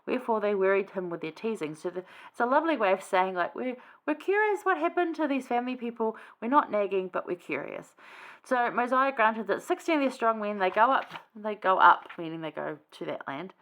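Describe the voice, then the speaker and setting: A woman talks through a passage of scripture in a loose, chatty way, wandering into asides and filling pauses with ums. Her pitch sits in the middle of the usual range for a woman. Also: animated, a bit bright. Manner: chatty, rambling, many fillers and asides. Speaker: scripture study host. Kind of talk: casual scripture commentary.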